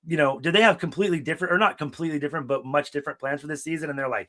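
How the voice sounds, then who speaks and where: A man's voice: a little high, rapid-fire, few pauses, pushed and bright. A young man co-hosting a casual live watch-along chat, rambling and swearing freely while telling stories from a hot room without air conditioning. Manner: profane, rambling storyteller. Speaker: podcast co-host.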